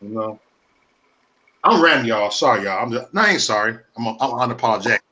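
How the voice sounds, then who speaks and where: A man's voice: mid-range voice, animated, a little fast, sharp tone. Profane ranting man in his forties. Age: 40s. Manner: profane, repetitive, confrontational. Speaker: live stream host. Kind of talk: ranting live stream talk.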